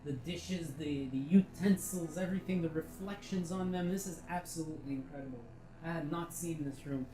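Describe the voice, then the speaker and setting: Chatty woman with a lowish voice. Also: normal speed, noisy background. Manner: enthusiastic, chatty, swears freely. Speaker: VR game reviewer. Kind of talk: casual gameplay commentary.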